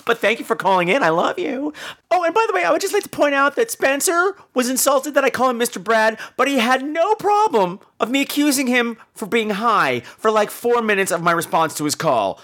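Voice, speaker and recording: A male podcast host with a campy, theatrical delivery and a very lively, swooping pitch. He answers listener voicemails with playful sass and mock outrage, dropping cheerful swear words. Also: a little fast.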